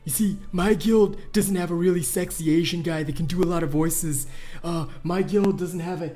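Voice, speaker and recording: A man's voice: on the high side, steady tone, normal speed, warm tone, soft background music, lightly acted. A man voicing a whiny, spoiled rich young male gamer in a sarcastic, mocking tone during gameplay commentary.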